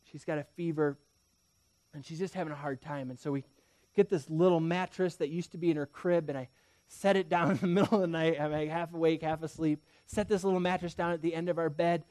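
In a slightly fast sermon, a man in his thirties speaks to his congregation as their pastor, his high-leaning voice keeping fairly even intonation. He tells stories and moves between loud emphasis and quiet near-whispers, with no room sound in the recording.

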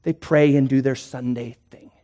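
A male pastor delivers a sermon in a mellow, warm voice. He swings dramatically between hushed asides and emphatic declarations, at a middling pitch. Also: fairly even intonation, normal speed. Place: church.

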